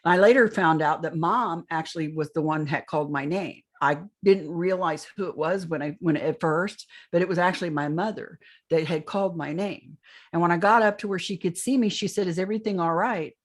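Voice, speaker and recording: A woman with a lowish voice talks at a moderate pace. She's an older podcast interview guest giving a long, rambling first-person account of something strange that happened to her, often starting her phrases over.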